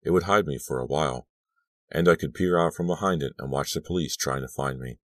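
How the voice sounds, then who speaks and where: A man with an extremely deep voice narrates a horror audiobook in a measured, dramatic first-person reading. The sound is close and dry, with no room at all. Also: no room sound. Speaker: audiobook reader.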